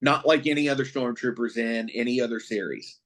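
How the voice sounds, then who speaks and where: A man co-hosting a podcast, chatting casually with a profane, excitable fan's rambling. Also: mid-range voice, fairly quick. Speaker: podcast co-host. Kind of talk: casual chat.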